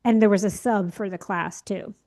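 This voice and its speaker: A woman's voice: medium pitch, fairly even intonation, moderate pace, dark tone. A young woman co-hosting a podcast, telling a story in casual chat and acting out the lines she quotes. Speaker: podcast co-host.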